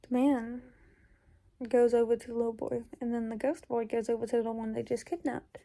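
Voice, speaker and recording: Rambling woman with a very dark, mellow voice. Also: fairly high pitch, level tone, normal speed. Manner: rambling, full of "like" fillers, drops into whispers. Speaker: YouTuber. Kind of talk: casual storytelling, recounting a dream.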